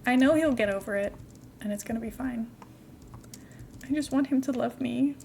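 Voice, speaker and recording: Gaming on a live stream from home, a young adult woman rambles casually and occasionally coos gently at her cat. Her voice is a little high and gravelly, at normal speed, with slight background noise.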